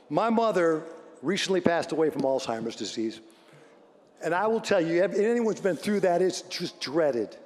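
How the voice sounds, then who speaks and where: Energetic man storytelling in a reverberant hall. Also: on the high side. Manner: energetic storyteller, swings between shouting and hushed tones. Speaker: radio host giving an acceptance speech. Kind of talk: speech to a live audience.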